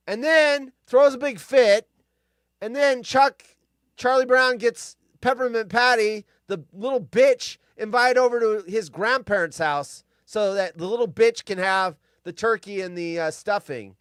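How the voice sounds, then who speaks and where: A man's voice: sits high, moderate pace, fairly bright tone, clean tone, no room sound, clean studio sound. A man hosting a casual live stream, grumpy and profane, ranting and rambling.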